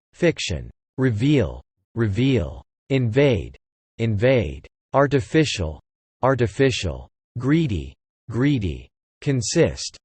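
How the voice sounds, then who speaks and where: A man reading English vocabulary words aloud one by one, saying each word twice in a slow, measured way. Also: mid-range voice, darkish tone, slightly rough, dry recording. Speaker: vocabulary reader.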